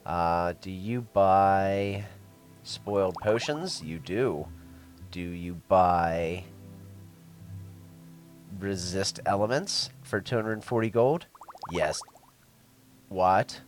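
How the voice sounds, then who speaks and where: A man's voice: low voice, animated, slow pace, long pauses, soft background music. A man giving casual gameplay commentary, chatting sarcastically to game characters and swearing freely. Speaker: let's play gamer.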